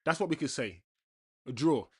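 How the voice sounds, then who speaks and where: A man's voice: mid-range voice, lively intonation, moderate pace, darkish tone, slightly rough, no room sound. A man hosting a live football watch-along, ranting in exasperation, swearing and repeating himself as he vents. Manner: repeats himself while venting.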